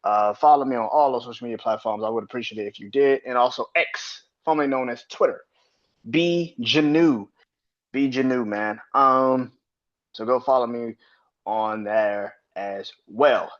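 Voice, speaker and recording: Guy in his 30s doing a solo sports podcast, cusses a lot, kinda muffled lo-fi audio. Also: moderate pace. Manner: loose and profane, rants with sudden high-pitched outbursts. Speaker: podcast host.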